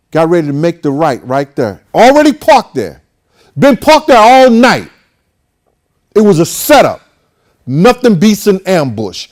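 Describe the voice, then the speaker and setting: A man with a high voice tells a long story, and his pitch swings widely as he goes. He talks casually, swears freely and acts out the other people's lines as a show host. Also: darkish tone.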